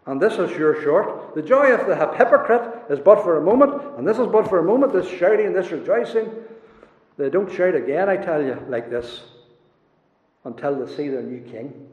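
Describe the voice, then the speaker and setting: A man preaching a sermon, swinging between loud rising declarations and hushed low asides. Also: animated, normal speed. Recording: roomy hall echo, dull lo-fi sound.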